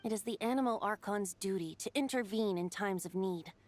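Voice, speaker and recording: A woman's voice: mid-range voice, brisk, lightly acted. A woman voicing a playful young male bard who is a wind god, speaking as a lilting, teasing storyteller in a video game. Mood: solemn.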